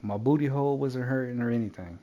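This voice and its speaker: A man telling a wild story in casual chat while gaming, animated and profane, laughing often. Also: mid-range voice, fast talker, dull audio.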